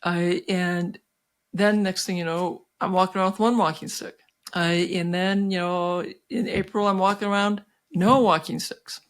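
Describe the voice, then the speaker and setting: A woman in her sixties with a fairly low voice speaks at normal speed. She's a physician guest in an interview, telling a personal story with many restarts and fillers, animated and acting out the voices she quotes.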